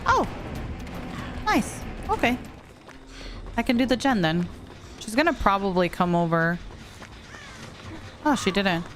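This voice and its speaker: Young woman game streamer, casual and chatty, unhurried delivery, hums to herself between lines. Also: mid-range voice, animated, fairly bright tone, soft background music. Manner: chatty, hums little vocal stims. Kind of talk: casual gameplay chat while answering viewers.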